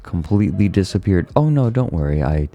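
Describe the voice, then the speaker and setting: Very deep-voiced, rambling male streamer. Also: very animated, brisk, dull audio, soft background music. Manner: rambling, stumbling over words. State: tired. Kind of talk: casual chat.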